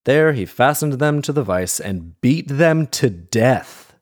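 A man's voice: mid-range voice, expressive, takes it slowly, a little mellow, no room sound, clean studio sound. A man reading a fairy tale aloud and breaking off for wry, sarcastic comedic commentary. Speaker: storyteller and commentator.

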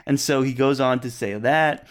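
A man's voice: medium pitch, normal speed. A man casually recapping a movie scene by scene on a podcast, often quoting the characters with a laugh. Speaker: podcast co-host. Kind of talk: casual movie review chat.

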